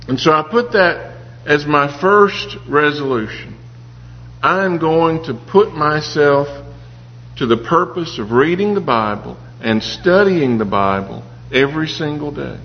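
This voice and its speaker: A man's voice: on the high side, lively intonation, a little slow. A man preaching a sermon in an earnest, personal way, with stories from his own life. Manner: earnest, personal storytelling with occasional restarts. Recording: reverberant hall with dull sound and faint hum.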